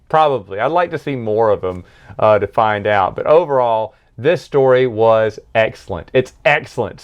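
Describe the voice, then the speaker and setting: A man's voice: mid-range voice, muffled recording. Male book reviewer, casual and enthusiastic, talks in loose rambling retellings.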